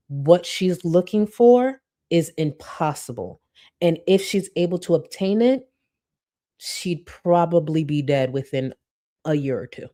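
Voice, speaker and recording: A woman with a low voice delivers blunt, scornful commentary on a video. She drags out her words for emphasis and sounds dismissive. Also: warm tone. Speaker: commentary channel host.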